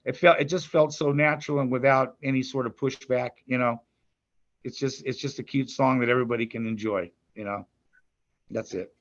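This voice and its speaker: A man's voice: medium pitch, fairly even intonation, brisk, highs cut off. An older man, a grandfather and musician, chatting in an interview, rambling with restarts and stammers. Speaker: musician guest. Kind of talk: casual interview chat.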